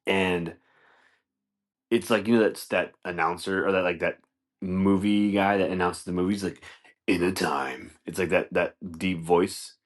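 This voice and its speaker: Low-voiced man rambling comedically. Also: steady tone, moderate pace. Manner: rambling, profane, laughs often, acts out scenes. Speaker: podcast host. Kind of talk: casual comedic monologue.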